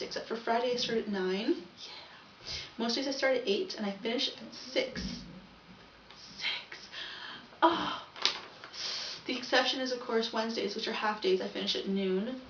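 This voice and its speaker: Speaking at a moderate pace in a slightly high voice, a young woman vlogger rambles chattily through a casual video diary and corrects herself often. She's recorded from a distance, leaving the audio echoey and dull, off the mic, with a little hiss or hum.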